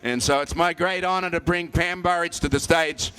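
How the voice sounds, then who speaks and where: A man acting as presenter, introducing the next honoree in a measured, formal way. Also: fairly high pitch, fairly even intonation, noisy background.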